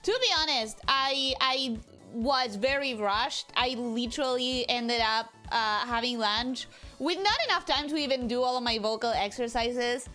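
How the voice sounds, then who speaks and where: A young woman streaming as a VTuber, chatting casually and greeting each viewer with a repeated welcome, her throat feeling full after a rushed meal. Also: on the high side, sharp tone. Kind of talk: casual livestream chat. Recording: faint music behind the voice.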